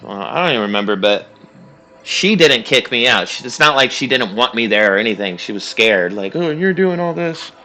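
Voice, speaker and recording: A young man with a lowish, pushed, bright voice talks briskly while streaming a game, with soft music behind him. He rambles casually through a long story, swearing and laughing and using lots of fillers.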